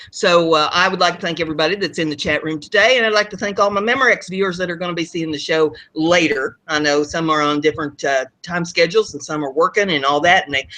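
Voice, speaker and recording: Bright-voiced folksy woman host. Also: lowish voice. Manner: folksy, friendly sign-off. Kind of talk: casual chat.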